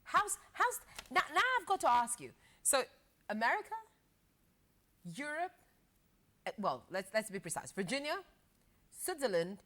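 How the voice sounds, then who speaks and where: A woman hosting an interview, asking lively questions, often restarting them and answering with short okays. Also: a little high, measured pace, long pauses. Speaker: interview host. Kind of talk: casual chat interview.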